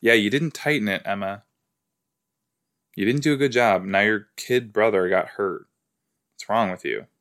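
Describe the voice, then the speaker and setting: This podcast host's voice is lowish and fairly bright, moving at a moderate pace with frequent pauses. He watches a show and reacts to it out loud in a casual chat full of rambling tangents.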